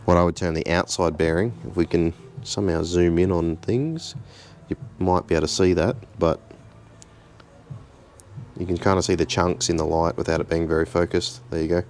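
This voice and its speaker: A man, casually walking through a car repair in his garage, relaxed and chatty with a self-deprecating streak. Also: sits low, normal speed, a little hiss or hum. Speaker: home mechanic host. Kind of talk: casual how-to narration.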